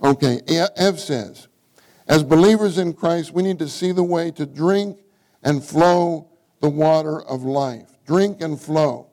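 A man's voice: fairly high pitch, takes it slowly, warm tone, rough recording. A middle-aged man preaching a sermon, reading scripture aloud and repeating key phrases for emphasis. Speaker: church speaker.

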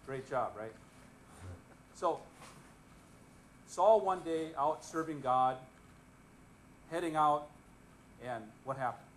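A man's voice: a little high, takes it slowly, long pauses, a little hiss or hum, poor audio. A man preaching a casual Bible lesson, chatting with the audience, asking them questions and joking as he goes. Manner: conversational, often asks the audience questions; relaxed and joking, chuckles while speaking.

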